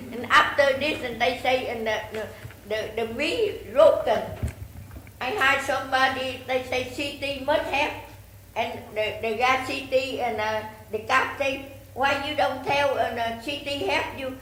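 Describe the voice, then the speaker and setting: A woman with a Vietnamese accent, a native Vietnamese speaker, pleading during public comment at a city council meeting in halting, broken English full of restarts and repetitions. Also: high-pitched, a bit bright. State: distressed, pleading. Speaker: resident giving public comment. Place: city hall council chamber. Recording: echoey chamber with faint background noise.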